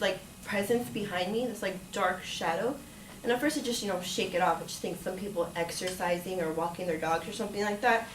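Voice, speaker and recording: A young woman telling a true personal story in a casual, chatty way, full of "like", acting out what people said. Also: a little high. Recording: echoey room from far off, faint noise.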